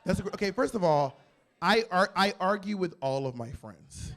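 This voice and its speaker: A man doing stand-up comedy in a comedy club, brash, boastful and blunt, with sudden loud jumps. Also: sits high, animated, moderate pace. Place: comedy club in San Diego.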